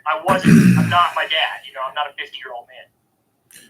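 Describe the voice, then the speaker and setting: A man's voice: fairly high pitch, fairly even intonation, normal speed, a bit bright, soft background music, low-quality recording. A man with a St. telling a story in a casual podcast chat, blunt and matter-of-fact with some swearing. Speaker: podcast co-host.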